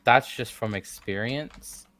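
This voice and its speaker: A man's voice: medium pitch, slow pace, fairly bright tone, a little hiss or hum. A man playing a tabletop game, speaking hesitantly in casual chat and often laughing. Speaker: player.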